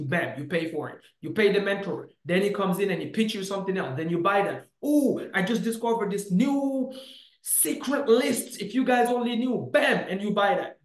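A man coaching to camera in a punchy, emphatic way, with lots of "bam" and "boom". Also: echoey room, rough recording. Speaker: real estate coach. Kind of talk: motivational teaching to camera.

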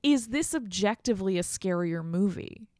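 A woman's voice: mid-range voice, expressive, normal speed, darkish tone, no room sound, clean studio sound. Chatty woman co-hosting a podcast. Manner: chatty, laughs easily. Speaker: podcast co-host. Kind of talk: casual chat.

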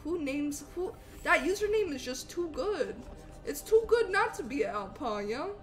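A young woman streaming a game live, chatting with viewers in a bubbly, animated way and eagerly thanking them. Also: sits high, normal speed, soft background music. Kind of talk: live gameplay stream chat.

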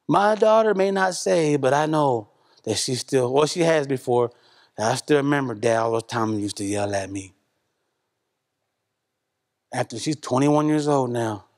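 A middle-aged man from Oklahoma delivers a sermon in a church, his voice pitched high for a man and carrying a long reverb through the hall. He tells stories in a loose, colloquial way, rising loud and then dropping to a hush. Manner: animated, colloquial storytelling with shifts between loud and hushed. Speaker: pastor. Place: church sanctuary.

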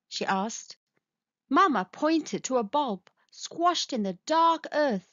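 A woman reading a children's storybook aloud in a slow, sing-song, expressive way. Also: high-pitched, no room sound. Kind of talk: children's read-aloud narration. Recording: dull lo-fi sound.

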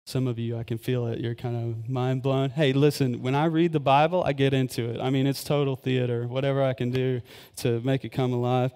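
A man preaching at a live church service in an easy, rambling way, full of fillers and restarts. His eagerness comes through in quick asides to the congregation. His mid-pitched voice rings out into a long reverb from the hall. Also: flat delivery, dark tone, clean tone. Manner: rambling, filler-heavy and enthusiastic. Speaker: pastor. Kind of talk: casual live sermon. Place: church sanctuary.

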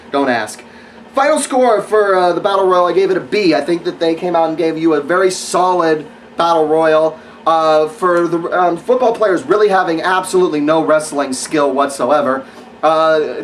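A man talks through a wrestling review in a loose, rambling way, with sarcastic asides and lots of fillers. His voice sits a little high. He is a bit off the mic, with faint noise behind him. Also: far from the mic, rough recording. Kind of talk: casual spoken review.

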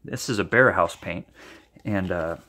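A man's voice: low-pitched, measured pace, bright, forceful tone. A man hosting a paint-pouring video, chatting enthusiastically to the camera and thinking aloud as he mixes colors. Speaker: acrylic pouring channel host. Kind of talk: casual demo talk to camera.

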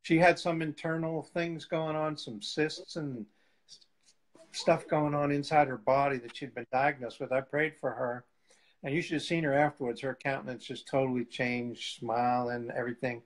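Brief: male guest evangelist, casual storytelling, mid pitch, acts out the quotes. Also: moderate pace, a little hiss or hum, poor audio. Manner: lively storyteller, laughs often, acts out quotes.

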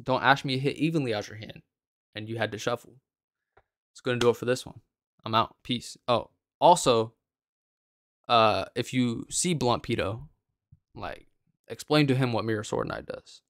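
A man's voice: mid-range voice, moderate pace, pauses often, a bit bright, no echo. A man giving casual, exasperated gameplay commentary on a card game, slangy and calling everyone bro.

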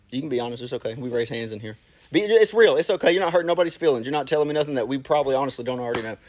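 A man preaching a casual, animated sermon to a congregation, talking straight to them in a conversational way. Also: mid-range voice.

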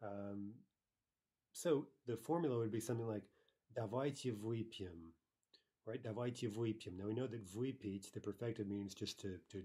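A man teaching an online grammar lesson, explaining step by step, repeating each word slowly and often asking "right?". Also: on the low side, dark tone, breathy edge. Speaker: language teacher.

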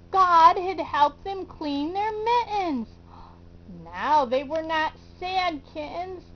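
A woman's voice: high voice, slight background noise. A woman telling a preschool felt-board story in a sing-song way, coaxing the children to count, cheer and join in. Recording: dull lo-fi recording.

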